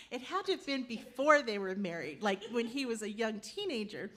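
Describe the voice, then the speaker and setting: Brief: woman storyteller, bright and high, lively delivery, plays every family member in her tale. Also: normal speed, few pauses. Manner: animated, acts out the voices of family members. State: tearful while telling. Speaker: personal storyteller. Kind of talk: live personal storytelling.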